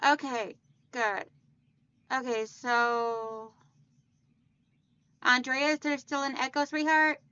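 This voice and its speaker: A woman hosting a casual quilting livestream, chatting warmly with viewers and greeting them by name as hon and sweetheart. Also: high voice, fairly even intonation, slow, pauses often, clean tone, dry recording, lo-fi sound.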